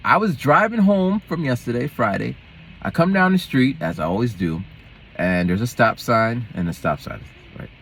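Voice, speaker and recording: A schoolteacher and vlogger talks casually to camera, telling rambling, digressive stories that jump between topics. His mid-range voice is expressive, creaky and a bit bright, at a moderate pace, with a little hiss or hum in the audio.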